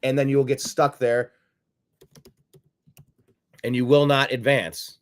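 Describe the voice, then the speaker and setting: A man's voice: mid-range voice, little pitch movement, takes it slowly. A man hosting a political commentary show, combative and sarcastic, repeating phrases for emphasis. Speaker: host.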